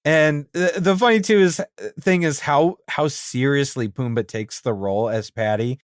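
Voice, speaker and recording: A man's voice: medium pitch, normal speed, smooth, no room sound. Laughing man chatting on a dry podcast mic. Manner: animated, laughs often, easily amused. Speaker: podcast co-host. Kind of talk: casual chat about cartoons.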